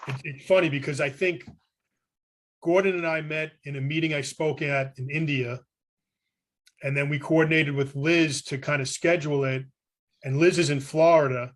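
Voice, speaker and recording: A man's voice: on the high side, a bit bright. Earnest man with a Brooklyn accent. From New York City. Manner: earnest, rambling with frequent restarts. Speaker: recovery meeting speaker. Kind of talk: personal share at a recovery meeting. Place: hotel room. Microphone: video call.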